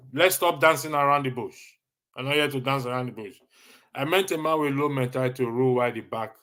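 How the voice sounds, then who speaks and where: A man's voice: mid-range voice, a bit bright. A Nigerian man hosting a casual live stream, reading viewer comments with a jokey, teasing manner and frequent laughter.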